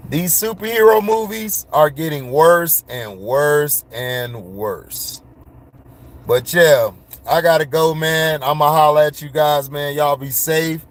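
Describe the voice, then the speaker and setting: Man vlogger, slow-talking and slangy, slightly high voice, blunt casual rant. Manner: blunt, slangy, laughs and gets worked up.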